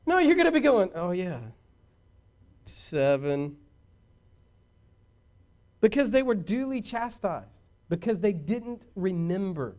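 A man preaching a sermon as pastor, swinging from shouted points to hushed asides and talking directly to his congregation. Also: high voice, expressive, moderate pace.

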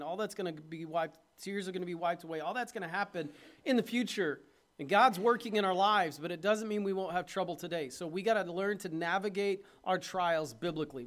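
A middle-aged man preaches from the pulpit in a fairly high voice. He drives his points hard and loud, then drops into a soft, tender tone. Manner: impassioned preaching, swings between loud urging and soft tenderness. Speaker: pastor. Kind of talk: sermon.

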